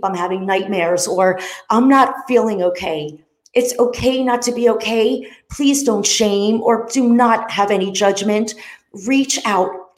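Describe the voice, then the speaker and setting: A woman in her fifties hosting her show, talking in an earnest, rambling way with frequent side notes. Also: mid-range voice. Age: 50s. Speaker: show host. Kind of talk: casual monologue. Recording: roomy echo.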